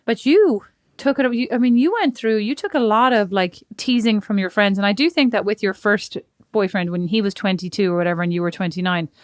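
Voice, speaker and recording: A woman's voice: mid-range voice, a little fast, hardly any pauses, no echo, studio quality. A woman, chatting as podcast co-host and asking her sister questions. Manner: chatty, laughs easily, interviewing. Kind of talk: casual chat.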